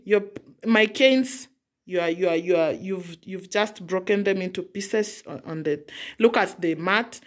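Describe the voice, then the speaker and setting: A young mother from Africa scolding her child at home, exasperated, repeating herself. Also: medium pitch. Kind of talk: casual scolding vlog.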